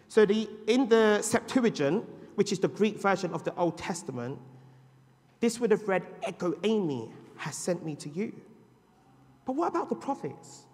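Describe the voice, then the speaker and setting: A man preaches to his congregation in a high, ringing voice. His delivery swings from loud, climbing declarations down to hushed asides. Each phrase trails off into the long reverb of a church hall. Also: big pitch swings, measured pace. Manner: dramatic preaching with sudden loud rises and hushed drops. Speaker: pastor. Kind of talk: sermon. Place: church sanctuary.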